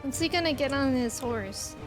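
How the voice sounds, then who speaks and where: High-voiced, jokey woman streamer. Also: animated, normal speed. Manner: chatty, jokey and slangy. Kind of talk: casual gameplay commentary. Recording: loud game music behind.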